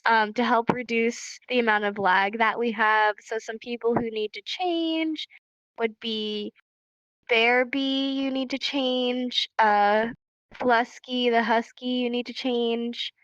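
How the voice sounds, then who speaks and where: A fairly high-voiced woman sounding stuffed up from allergies, patiently calling out names and giving casual instructions to a live virtual class. The recording is dry and muffled, with a dull lo-fi sound. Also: steady tone, takes it slowly, fairly bright tone, no echo. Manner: friendly, patient, calls out names one by one.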